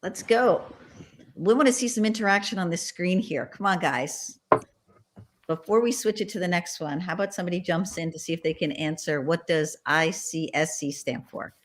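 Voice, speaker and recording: A woman's voice: on the low side, moderate pace, background noise. A woman presenting quiz questions on a video call, upbeat and coaxing the audience to answer in the chat. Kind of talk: casual virtual party quiz.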